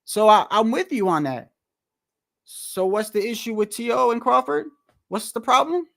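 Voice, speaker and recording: Male boxing commentator, high voice, heated profane rant, full of rhetorical questions. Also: lively intonation, moderate pace, vocal fry, fairly bright tone. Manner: profane, slangy. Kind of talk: casual rant to the audience.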